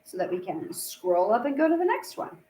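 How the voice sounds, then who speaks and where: A woman's voice: medium pitch, sing-song, fairly quick, dark tone. A woman teacher giving a casual, chatty history lecture, full of fillers and playful asides. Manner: chatty, acts out quotes with fillers.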